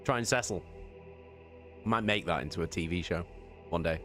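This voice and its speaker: A man's voice: deep voice, normal speed, bright, forceful tone, faint music behind. A man rambling jokily and swearing as a streamer chats on a live stream. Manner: rambling, jokey, swears a lot. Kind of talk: casual live-stream chat.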